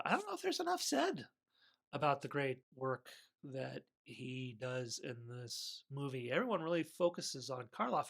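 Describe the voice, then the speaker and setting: A man giving casual, rambling movie commentary, animated and often correcting himself. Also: medium pitch, vocal fry. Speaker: movie reviewer.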